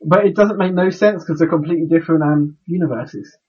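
Male podcast co-host, husky, slightly high, stumbles over words, lo-fi recording. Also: fairly quick. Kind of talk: casual podcast chat.

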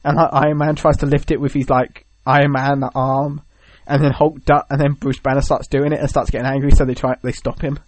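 A man's voice: medium pitch, flat delivery, fairly quick, few pauses, dry recording, rough recording. A man in casual chat, animatedly retelling events with many fillers.

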